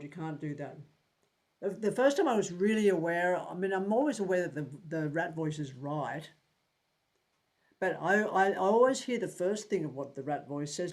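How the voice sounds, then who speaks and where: A man in his seventies teaching a tarot group in a casual, blunt way, swearing freely and repeating words while he thinks. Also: high voice. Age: 70s.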